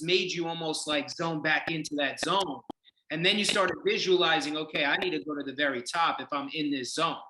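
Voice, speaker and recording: Bright, echoey, enthusiastic male podcast host. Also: fairly high pitch. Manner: enthusiastic, rambling, lots of "like". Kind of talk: casual podcast chat. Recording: echoey room.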